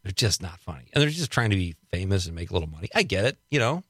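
A male radio host with a bright, forceful voice, talking casually and cracking jokes. His voice is recorded close and dry, with no room sound around it. He laughs often as he riffs on small complaints. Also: low voice, very animated, racing, husky, dry recording. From Wisconsin. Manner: chatty, joking, laughs often. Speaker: radio talk show host.

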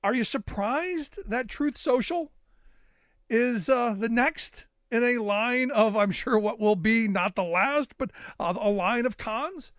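A political talk radio host, a man speaking slowly in an extremely high pitch, delivers sarcastic and animated commentary full of "uh" fillers. He uses a studio microphone, and the recording is dry.

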